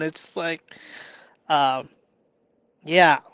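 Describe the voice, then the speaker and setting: A man muses slowly on a solo live stream, pausing, restarting and thinking aloud. He sometimes breaks into bursts of cheerful excitement. The sound is dry and close, with no room echo. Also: a little high. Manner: slow and musing, with sudden bursts of excited cheering.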